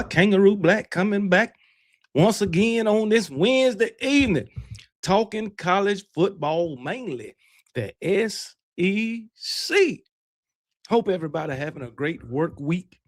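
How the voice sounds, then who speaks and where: A man's voice: high-pitched, lively intonation, unhurried. A man hosting a college football livestream, chatting casually in a loose, fired-up and brash way with mild cursing. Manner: talks with candy in his mouth. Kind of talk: casual live-stream chat.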